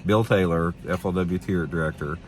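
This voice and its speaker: A man's voice: low-pitched, fairly even intonation, moderate pace, slight background noise. A man hosting a fishing channel, telling a story in a casual, rambling way, often repeating himself and sounding indignant. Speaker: fishing show host.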